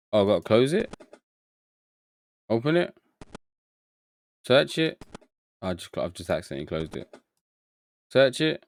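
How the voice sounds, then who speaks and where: A man streams a game live, his low voice recorded dry and close. He mutters through his confusion, reads bits aloud and talks casually with his viewers. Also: dry recording. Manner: muttering to himself, easily confused, chatty with chat. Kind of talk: live gameplay commentary.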